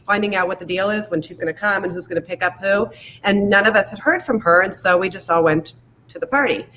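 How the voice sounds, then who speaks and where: A woman hosts a live online show and introduces her guest with many pauses and fillers. Her speech sounds emotional and unsteady. A faint room ambience sits under her voice. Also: mid-range voice, a bit bright, a little hiss or hum, rough recording. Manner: halting, filler-heavy, emotional. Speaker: livestream show host. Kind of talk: casual heartfelt introduction.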